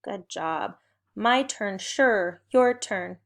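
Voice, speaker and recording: A young adult woman teaches a recorded spelling and phonics lesson for small children, using cheerful, encouraging call-and-response prompts. Her voice is medium in pitch and she speaks at a normal speed.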